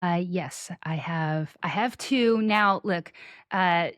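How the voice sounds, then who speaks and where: A woman guest on a video-call podcast from her home office, chatting in a lively, playful way. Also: on the low side, takes it slowly, no room sound, clean studio sound. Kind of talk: casual interview chat. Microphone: webcam video call.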